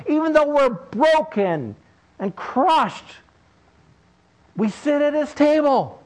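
Slow, animated male preacher. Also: extremely high pitch, poor audio. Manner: storytelling, emphatic. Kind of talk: sermon.

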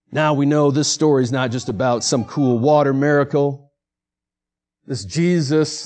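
A man preaching a sermon as pastor in a conversational way, mixing self-deprecating humor with passages he drops to hushed, quiet tones. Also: mid-range voice.

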